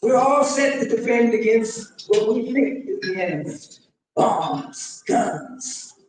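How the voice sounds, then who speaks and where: A man delivering a sermon, addressing his congregation and building to shouted emphasis. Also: very high-pitched, animated, takes it slowly. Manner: preaching with rising shouted emphasis. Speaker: imam. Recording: echoey hall, mic from far off.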